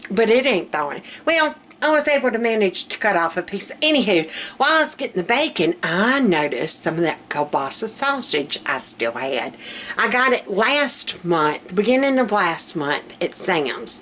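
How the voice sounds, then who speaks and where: A woman's voice: medium pitch, a bit bright, slight background noise. A woman from South Alabama with a Southern accent, chatting folksily to her viewers while she cooks in her home kitchen. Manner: chatty and folksy, calls viewers girl and baby. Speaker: home cooking vlogger. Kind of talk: casual chat.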